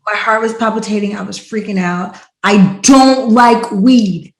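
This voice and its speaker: A woman hosting a podcast in casual chat, telling stories in an animated way and acting out quotes loudly. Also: mid-range voice, measured pace. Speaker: podcast host. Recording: roomy echo.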